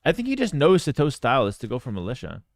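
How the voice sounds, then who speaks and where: Male esports caster, chatty storyteller, lively delivery, slightly high, dry close mic. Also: fast talker, dry recording. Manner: animated, talkative, many fillers and asides. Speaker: game caster and streamer. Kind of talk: casual storytelling and esports commentary.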